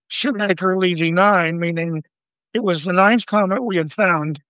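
An older man with a notably high voice tells a story at an even, measured pace. He brings the people in it to life by quoting them. The recording is dry and a little dull and lo-fi, with no room sound. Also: no echo. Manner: measured, vivid storyteller who quotes others. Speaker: astronomer guest. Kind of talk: storytelling interview answers.

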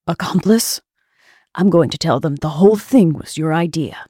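A woman's voice: sits low, moderate pace, dark tone, dry recording, studio quality. A woman voicing a gloomy, grave rich man who fights crime in a mask, in a comedic spoof story. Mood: joking. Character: brooding rich masked vigilante man.

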